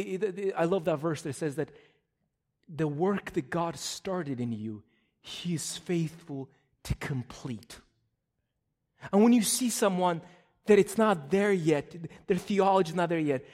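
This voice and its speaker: A man in his thirties preaching a sermon, telling stories with animated swings between loud bursts and hushed lines. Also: high voice. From Russian Slavic community in the US. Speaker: pastor.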